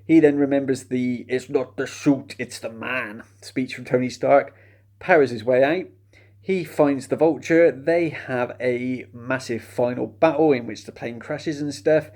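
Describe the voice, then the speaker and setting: Guy rambling through a film review, dry and sarcastic, mid-pitched voice. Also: fairly even intonation, measured pace, darkish tone. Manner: chatty and sardonic, mocking the plot. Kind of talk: casual spoken film review.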